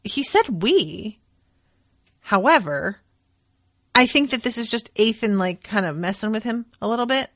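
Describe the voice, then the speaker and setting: A woman's voice: fairly high pitch, expressive, moderate pace, a bit bright, no room sound, clean studio sound. A woman hosting a podcast, recapping book chapters in a chatty way, with lots of "like" and "um" and some casual swearing. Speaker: podcast host.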